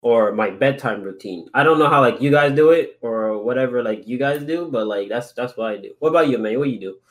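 A man's voice: medium pitch, brisk. A young man rambling casually in a group call, full of fillers and jokes. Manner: rambling, many "like" fillers, joking.

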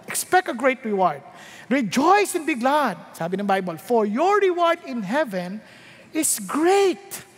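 Filipino woman preacher, lively, high-pitched, questions the crowd, echoey hall sound. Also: husky. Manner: animated, mixes English and Tagalog, asks the congregation rhetorical questions. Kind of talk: sermon. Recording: reverberant hall.

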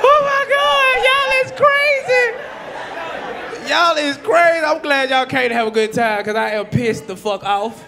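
A young man doing loud, profane crowd-work roast comedy on a comedy club stage. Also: extremely high pitch, unhurried, over loud music. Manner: loud, shouting, laughing, profane. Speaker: stand-up comedian. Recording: loud crowd and room noise.

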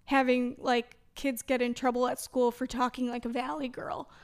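A young woman with a high, smooth voice chats as a podcast guest. She talks with enthusiasm and is quick to agree. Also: flat delivery. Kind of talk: casual chat.

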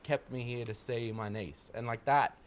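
Mid-pitched man, measured and candid panel guest, faint room ambience. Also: steady tone, a little hiss or hum. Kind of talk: candid personal reflection in a group chat.

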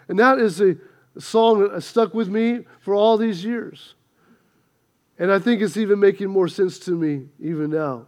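A man preaches a Sunday sermon from the pulpit with a notably high voice. He builds to emphatic peaks and slips in light humor between scripture readings. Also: moderate pace, darkish tone. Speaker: pastor.

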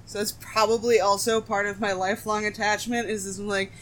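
A woman from the Midwest, co-hosting a podcast, telling stories in a casual, profane, animated way. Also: medium pitch, fairly quick, a little hiss or hum. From American Midwest. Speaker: podcast co-host. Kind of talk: casual chat.

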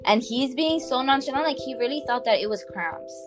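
A young woman casually telling a personal story to a friend on a podcast, animated and full of fillers, calling her listener "girl". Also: sits high, brisk, over music.

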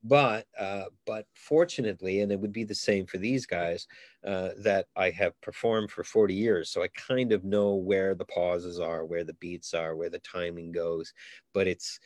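A middle-aged Canadian comedian chats as a guest in a casual interview, telling rambling stories with many restarts. His deep voice is fairly even and a little mellow, at a normal speed, with clean studio sound and no room sound.

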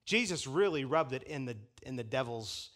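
A man preaching a sermon from the pulpit, animated and chuckling as he acts out the people he quotes. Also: medium pitch, normal speed. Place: church pulpit.

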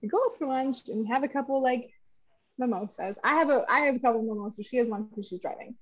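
High-voiced woman telling a story. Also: fast, highs cut off. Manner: animated, swearing, laughing, acts out voices in her story. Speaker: podcast co-host. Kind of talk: casual storytelling chat.

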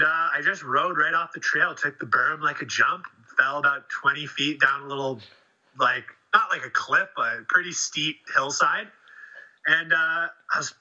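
A man in casual chat, telling a story in an animated way and swearing freely. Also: a little high. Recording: dull lo-fi sound.

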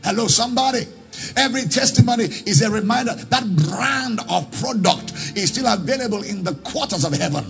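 A man preaching a sermon as pastor, swinging into sung, chanting lines and shouted calls to the congregation. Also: sits high, lively intonation, a little fast, vocal fry, music in the background.

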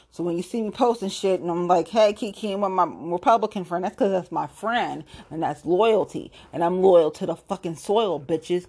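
A woman's voice: fairly low pitch, a little mellow, breathy edge. A woman from Ohio, a local political activist, delivering a blunt, profane, confrontational rant to the camera. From Ohio, USA.

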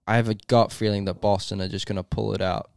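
A man's voice: on the low side, level tone, fast, gravelly, a little mellow, smooth, dry recording, clean studio sound. A man co-hosting a casual sports podcast, chatty and teasing, hedging his opinions. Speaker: podcast co-host.

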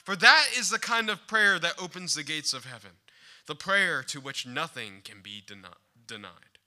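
A man preaching a sermon, reading formal passages with brief plain asides, and swinging between loud urging and hushed intensity. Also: on the high side, lively intonation, moderate pace.

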